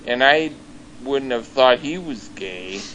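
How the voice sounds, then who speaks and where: A man's voice: medium pitch, animated, slow pace, a bit bright, a little hiss or hum, poor audio. A man chatting casually over a call on a headset, stumbling and repeating words as he tells stories. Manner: stammering, repeats words, laughs while telling stories. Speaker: podcast guest.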